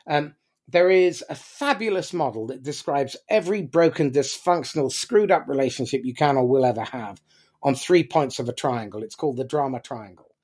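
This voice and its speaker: A man giving a blunt, animated motivational talk to a business audience, swearing casually as he goes. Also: medium pitch, normal speed, slightly rough. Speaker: business speaker.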